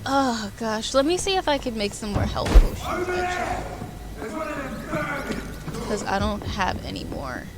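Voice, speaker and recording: High-voiced woman streaming a game. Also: big pitch swings, unhurried, long pauses, very noisy. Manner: exasperated, talks back at enemies on screen. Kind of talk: casual live gameplay commentary. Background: loud game music.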